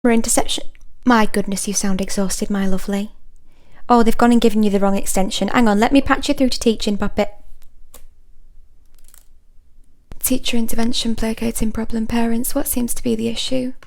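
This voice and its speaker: A woman's voice: fairly high pitch, fairly even intonation, fast talker, vocal fry, a little mellow. A woman playing a brash middle-aged hotline auntie, who coos sweetly at callers and then tears into rude customers with elaborate insults. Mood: soothing. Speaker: hotline operator. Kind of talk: comedy sketch character monologue.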